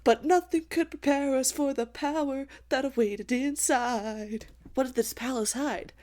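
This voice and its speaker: A woman's voice: sits high, slow pace, darkish tone, voice pushed up. A woman putting on the voice of a male sailor, delivering his lines in a rhythmic, sing-song way. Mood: dramatic.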